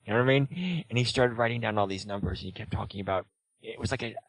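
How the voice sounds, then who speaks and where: A man's voice: lowish voice, fast talker, slightly rough, no room sound, poor audio. A man telling a long personal story in casual chat, rambling with lots of "you know" and "like" and acting out the lines of the people in it. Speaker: guest.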